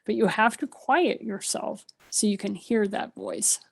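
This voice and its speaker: Casting: middle-aged woman, warm storyteller energy, laughs often, mid-range voice, over a video call. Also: medium pitch, measured pace, gravelly, breathy edge. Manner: animated, laughs often, quotes her own thoughts. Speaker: guest, spiritual author. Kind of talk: conversational storytelling.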